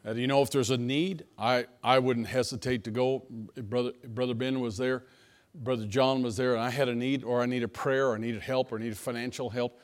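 A pastor preaching a sermon to his church, telling personal stories in a folksy manner that swings between hushed asides and emphatic lines. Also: medium pitch, fairly even intonation, fairly quick. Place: church sanctuary.

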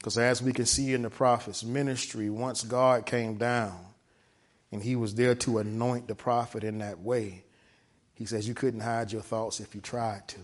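In this sermon, a man reads from a text and explains it, often stopping to ask "right?" His voice is medium-pitched and moderately paced with a flat delivery, though it swings from hushed to loud and lingers on key words.

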